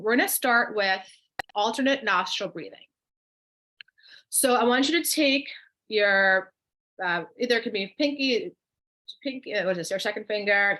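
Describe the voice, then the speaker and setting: A woman's voice: medium pitch, sharp tone. Woman coach, New Jersey accent, encouraging webinar host, mid-range voice, live chat read-outs. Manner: chatty, encouraging, guides breathing exercises. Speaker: wellness coach co-hosting a workshop.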